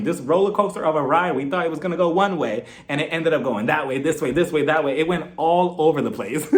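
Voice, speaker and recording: A young man recapping a reality show in a chatty, gossipy way, often laughing. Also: a little high. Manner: chatty and gossipy, with frequent laughs and mock impressions. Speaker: YouTube TV reviewer.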